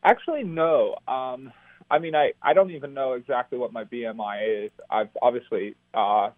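A man's voice: medium pitch, moderate pace, no room sound. An upbeat young man from the United States, a professional triathlete, answers interview questions over the phone. His voice comes through thin and tinny, as if over a phone line, and it sounds dry, with no room around it. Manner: upbeat, laughs easily.

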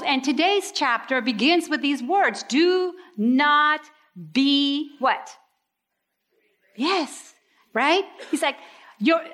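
Woman, high voice, sermon, animated delivery, acts out reactions. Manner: animated, acts out quoted reactions with sudden pitch leaps. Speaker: preacher.

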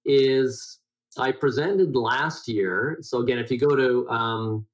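A middle-aged man with a somewhat nasal voice talks as an interview guest. He rambles through his points with frequent restarts and fillers, at a medium pitch. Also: takes it slowly, low-quality recording. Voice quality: self-described high nasal voice. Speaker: guest health educator. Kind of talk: conversational interview.

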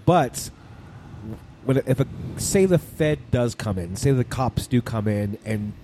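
A man's voice: mid-range voice, expressive, measured pace, warm tone, a little hiss or hum. A man from New Mexico co-hosting a live show, asking long rambling questions. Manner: rambling questions full of restarts. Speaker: co-host. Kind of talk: casual chat.

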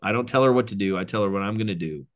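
A man who is a guest and men's coach on a podcast, telling animated stories and acting out quoted lines, growing excited as he talks. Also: lowish voice, racing. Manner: animated storyteller, quoting others, excited. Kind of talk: casual interview chat.

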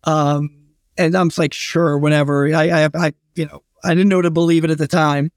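Man, historian guest, higher-pitched, chatty anecdotal delivery, dry close sound. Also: flat delivery, fairly quick, no echo. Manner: anecdotal, chatty with fillers and restarts. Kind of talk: casual storytelling interview.

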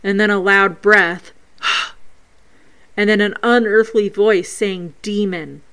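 Slow, smooth-voiced woman narrating ghost clips. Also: medium pitch, steady tone, fairly bright tone. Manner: earnest, spells out each sound step by step. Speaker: paranormal show host. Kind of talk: reading out and breaking down a listener's ghost recording.

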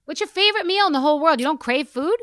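A middle-aged woman hosts a podcast, rattling off blunt questions at a rapid clip and swearing freely. Her voice is bright and sharp and sits a little high. The recording is close and dry. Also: lively intonation, dry recording. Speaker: podcast host. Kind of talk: casual interview chat.

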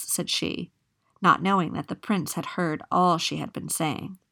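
A woman reading a fairy tale aloud in a steady, measured way. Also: on the low side, gravelly. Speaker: storyteller.

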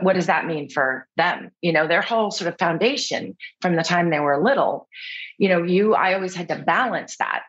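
Brief: husky, lower-pitched woman guest, candid and reflective, slightly dull recording. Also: fairly bright tone. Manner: earnest, reflective, acts out quotes. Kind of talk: candid interview conversation.

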